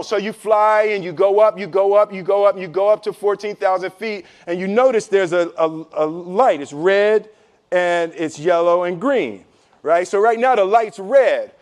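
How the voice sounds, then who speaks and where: A man telling a lively personal story to an audience, laughing often and restarting his words as he goes. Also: sits high. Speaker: guest speaker telling a story. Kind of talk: animated anecdotal storytelling.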